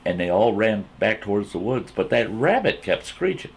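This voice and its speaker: Man, gravelly voice, husky edge, lively rising and falling pitch, unhurried campfire storytelling. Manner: drawn-out, repetitive, animated retelling.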